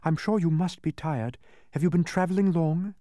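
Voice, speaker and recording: A man's voice: fairly high pitch, moderate pace, no echo, studio quality, pitched above the performer's own voice, lightly acted. A man doing a joyful, lilting young princess. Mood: cheerful, friendly. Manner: bright, friendly, lilting.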